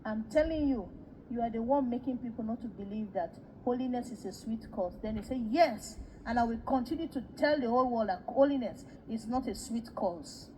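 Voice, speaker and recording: A woman preacher with a bright, high-pitched voice, delivering a testimony sermon about a vision. She tells the story with animation, slipping into the voices of the people in it and doubling her words for emphasis. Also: a little fast, a little hiss or hum, low-quality recording. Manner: animated storytelling, acts out quoted dialogue.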